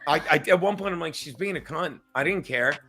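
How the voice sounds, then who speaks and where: A man's voice: fairly high pitch, brisk, sharp tone, soft background music. A man on a video call, telling a rambling story full of swearing and acted-out quotes in casual chat. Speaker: drop-in guest. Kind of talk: casual chat on a live stream.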